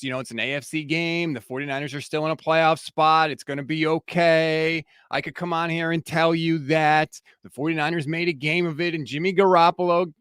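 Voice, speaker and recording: A man's voice: on the high side, a bit bright, clear, resonant tone, dry recording, clean studio sound. A man hosting a sports podcast, delivering a heated, fired-up post-game reaction rant.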